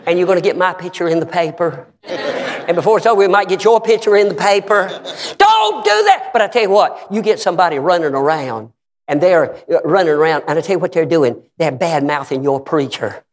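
A man with a high voice preaches in a church, spinning stories and acting out the people in them. His voice climbs into shouts at the big moments. Long reverb from the sanctuary trails every line. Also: brisk. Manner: storytelling with acted-out quotes, rising to shouts. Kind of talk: sermon.

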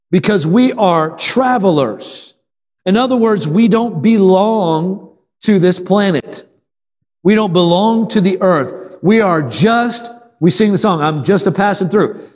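High-voiced preaching man in a reverberant hall. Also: darkish tone. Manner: call-and-response with the congregation; repetitive, emphatic preaching. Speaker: pastor. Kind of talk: sermon.

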